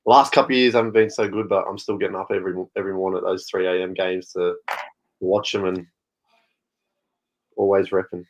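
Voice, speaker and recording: A man's voice: low voice, flat delivery, fast talker, lo-fi sound. A man with an Australian accent, a guest on a podcast, talking in an easygoing, matter-of-fact way over a video call. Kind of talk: casual chat.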